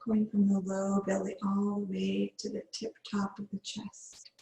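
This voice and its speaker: A woman leads a yin yoga practice, speaking slowly in an even, level tone. She gives soothing breath cues with long pauses between them. Her voice carries a roomy echo. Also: medium pitch, gravelly. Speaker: yoga teacher. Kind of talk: guided yin yoga meditation.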